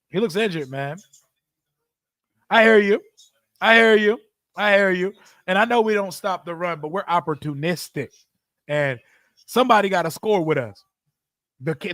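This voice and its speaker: A young man hosting a live sports watch party stream, reacting excitedly and answering chat with big swings between shouting and mumbling. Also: high voice, no echo, clean studio sound.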